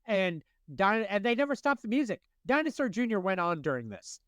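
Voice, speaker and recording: A man around forty, co-hosting a podcast, telling animated stories in casual chat with laughs. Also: high voice, a little fast, dry recording. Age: late 30s to early 40s. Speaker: podcast co-host.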